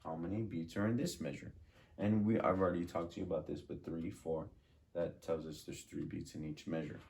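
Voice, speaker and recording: A man's voice: low-pitched, steady tone, vocal fry, a little mellow, a little hiss or hum. A man teaching a music lesson, patiently drilling rhythms and asking questions. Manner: slow, patient, repeats and drills words.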